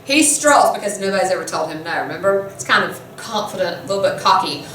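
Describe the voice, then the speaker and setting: A woman teacher telling a myth to her class in a chatty, animated storytelling lesson, often laughing. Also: mid-range voice, fast talker, a little hiss or hum. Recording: echoey room, mic far off.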